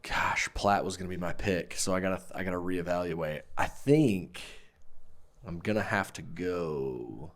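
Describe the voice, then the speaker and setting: A man's voice: low voice, measured pace. A man co-hosting a church podcast, chatting casually. He jokes around and often trails off mid-sentence. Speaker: podcast co-host. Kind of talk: casual chat.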